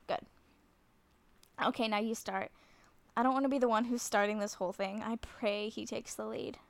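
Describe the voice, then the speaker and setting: Flustered, giggly woman, fairly high voice. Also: fairly even intonation, quick pace, creaky. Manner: flustered, self-conscious, laughs often. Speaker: nervous woman talking to a friend on the phone. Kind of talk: scripted audio role-play to the listener.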